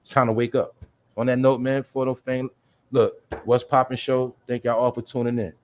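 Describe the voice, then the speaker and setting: A man's voice: medium pitch, little pitch movement, moderate pace, a little mellow, a little hiss or hum. A man hosting a livestream show, talking casually in street slang, swearing and repeating his points to his listeners. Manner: streetwise slang, addresses listeners as "y'all", "you feel me"; profanity-laced.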